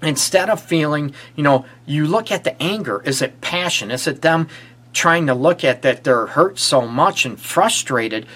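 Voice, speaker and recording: A man's voice: on the high side, expressive, a little slow, fairly bright tone. Earnest man giving relationship advice. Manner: earnest, repetitive, asks rhetorical questions. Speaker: relationship therapist hosting a live stream. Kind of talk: casual advice talk to a live audience.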